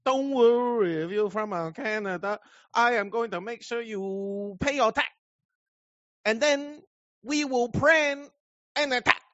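Man doing a slow broken-english mock mayor. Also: very high voice, sharp tone, no room sound, full character voice. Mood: scheming. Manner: halting mock-broken English with many pauses. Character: mock female city mayor, bossy, scheming. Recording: dull lo-fi clip.

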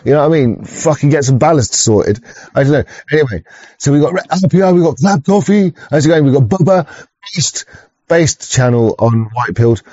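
A livestreamer with a warm, mid-range voice keeps up a loose, rambling chat full of swearing, stop-start phrasing and chuckles while greeting his chat. The sound is dull, without echo.

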